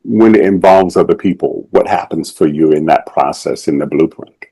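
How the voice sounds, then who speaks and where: A man in the audience asking the guest measured, earnest questions, with a few hesitant fillers. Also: rumbling low, warm tone, slightly rough, no echo, rough recording.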